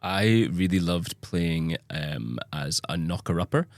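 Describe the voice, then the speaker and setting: A man's voice: low-pitched, slow pace, no room sound. A man, a podcast guest telling cheeky, jokey stories in casual chat.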